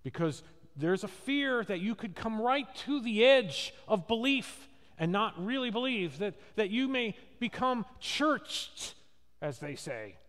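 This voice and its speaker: A male pastor delivers a sermon in a high voice at an unhurried pace. He tells stories with acted quotes and keeps asking the congregation questions. A long church-hall reverb trails his words. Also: big pitch swings, fairly bright tone. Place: church sanctuary.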